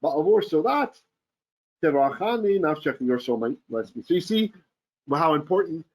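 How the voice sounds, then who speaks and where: A man's voice: fairly high pitch, very animated, fairly quick. A man teaching a verse-by-verse Torah class, reading Hebrew aloud and then explaining it eagerly, often checking in with his listeners.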